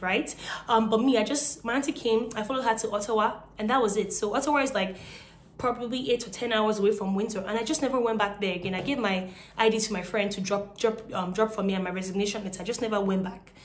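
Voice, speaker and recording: A young woman from Nigeria with a Nigerian accent, casually telling her own story to the camera in a chatty way, with many fillers. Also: fairly high pitch. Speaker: vlogger.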